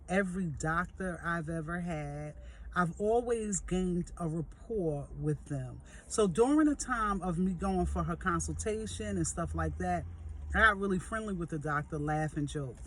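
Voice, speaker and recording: A woman in her fifties, a vlog host, telling a personal testimony in a lively, jokey, conversational way and speaking straight to her listeners. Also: on the low side, slight background noise. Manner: animated, jokey storyteller who acts out quoted voices; conversational, addresses listeners directly. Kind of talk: storytelling testimony.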